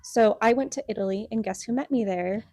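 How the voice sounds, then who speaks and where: A young woman co-hosting a casual podcast from home. She rambles through a story, full of fillers and little laughs, in a fairly high, mellow voice. The sound is close and dry, with no room around it. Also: brisk, no echo. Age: 20s. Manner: rambling, chatty, lots of "like" and laughs. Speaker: podcast co-host. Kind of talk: casual chat. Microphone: podcast mic.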